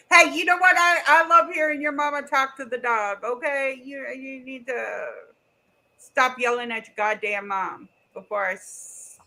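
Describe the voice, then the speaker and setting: A woman's voice: sits high, measured pace, sharp tone, slight background noise, poor audio. A middle-aged woman hosting a casual livestream chat, blunt and goofy, swearing freely. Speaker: streamer and co-host.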